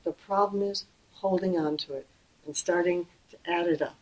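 Gentle woman giving a dharma talk. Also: fairly low pitch, poor audio. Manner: gentle and conversational, slowing and softening on key phrases. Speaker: Buddhist teacher.

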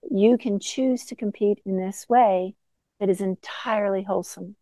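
A woman meditation teacher giving a gentle, conversational dharma talk with self-deprecating asides. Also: medium pitch, steady tone, normal speed, no room sound, low-quality recording.

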